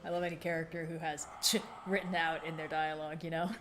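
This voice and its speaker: A woman's voice: low voice, flat delivery, fast talker, fairly bright tone, faint music behind. A woman hosting a let's play, commentating as she plays with a playful, jokey manner. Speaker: host playing the game.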